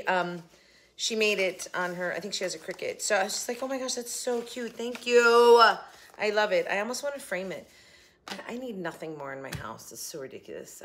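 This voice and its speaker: Speaking into her phone camera from her home kitchen, a woman hosts a casual shopping haul vlog. Her mid-range voice is bright with a forceful edge, and she chats and rambles, often breaking off mid-thought.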